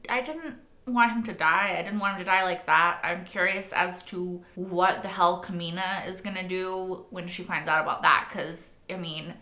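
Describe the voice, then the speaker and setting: A woman's voice: fairly low pitch, moderate pace, hardly any pauses, sharp tone. A young woman hosting a reaction video, talking casually and swearing freely, with a lot of likes and rights. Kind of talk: casual spoken commentary. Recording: echoey room.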